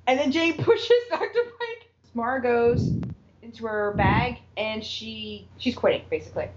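A woman with a fairly high voice chats casually, walking through a show's scenes and quoting the characters between frequent laughs. The sound is muffled and lo-fi. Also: animated, normal speed. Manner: retells scenes with quoted voices, laughs often. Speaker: podcast co-host. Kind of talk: casual recap chat. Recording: dull lo-fi audio.

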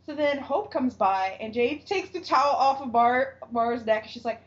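A woman's voice: high voice, moderate pace, slight background noise. A woman casually recapping a TV episode, acting out the characters' lines and laughing often. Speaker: podcast co-host recapping a TV episode. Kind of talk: casual chat. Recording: dull lo-fi recording.

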